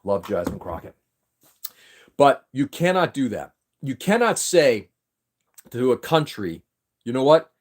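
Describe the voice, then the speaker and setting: A man's voice: medium pitch, sing-song, a little slow, long pauses. A man from New England hosting a casual livestream, ranting with strong opinions and frequent restarts. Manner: opinionated, emphatic, restarts sentences often. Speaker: livestream host. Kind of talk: casual political rant on a livestream.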